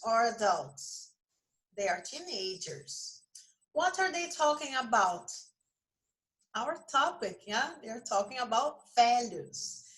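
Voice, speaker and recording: Slow-talking Brazilian woman teaching English. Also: mid-range voice, fairly bright tone, rough recording. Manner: slow, questioning, repeats prompts to students. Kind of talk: online class lesson.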